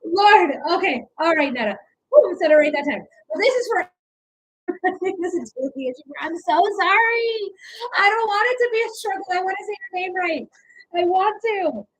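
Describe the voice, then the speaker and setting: Brief: young woman, high voice, chatty livestream reader, affectionate, lots of "okay?" and "um". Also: expressive, normal speed, no echo, rough recording. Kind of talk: casual livestream chat, reading comments.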